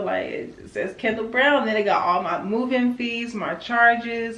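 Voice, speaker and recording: A woman's voice: on the high side, unhurried, a bit bright, echoey room. A woman in her twenties talking candidly in a personal vlog, emotional and self-encouraging. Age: 20s. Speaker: vlogger.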